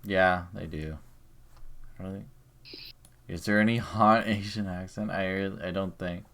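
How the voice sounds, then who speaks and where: A man's voice: low voice, measured pace. A man chatting casually on a live stream, teasing and crude in his humour. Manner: teasing, crude, animated joker.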